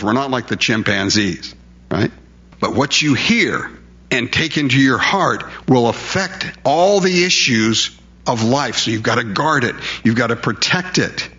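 A man's voice: mid-range voice, pushed and bright, highs cut off. A male preacher delivering a sermon in an emphatic, conversational way, full of rhetorical questions.

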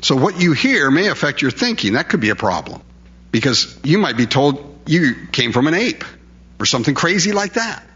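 A man's voice: a little high, very animated, moderate pace, pushed and bright, lo-fi sound. Emphatic conversational male preacher. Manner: emphatic, conversational, frequent rhetorical questions. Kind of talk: sermon.

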